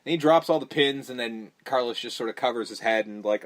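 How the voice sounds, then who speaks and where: A man's voice: medium pitch, a little fast. A man hosting a podcast, recapping a horror movie in casual, profane chat and acting out characters' lines as he goes. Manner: animated, profane, mimics characters mid-story. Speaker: podcast host.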